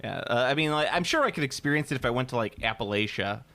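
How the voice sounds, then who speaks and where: An American man in casual podcast chat, riffing on jokes and wandering off topic. His voice sits at a middling pitch. He talks loosely, now and then humming a little tune. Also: lively intonation, fast talker, bright, forceful tone. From United States. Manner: joking, tangential, hums tunes. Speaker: podcast co-host.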